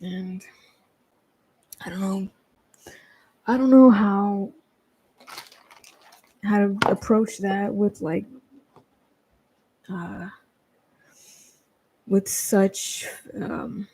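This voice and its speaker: Soft, rambling young man streaming. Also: sits high, fairly even intonation, extremely slow, vocal fry, long pauses, a little hiss or hum. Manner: rambling and hesitant, many fillers and restarts; casual swearing. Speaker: livestreamer. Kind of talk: casual livestream chat.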